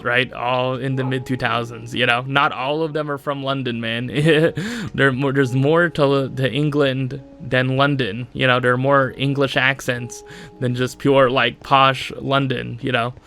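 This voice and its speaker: A man's voice: medium pitch, flat delivery, a little slow, fairly bright tone, faint music behind. A young man hosting a solo podcast, rambling casually with lots of fillers and frequent laughs. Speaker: podcast host.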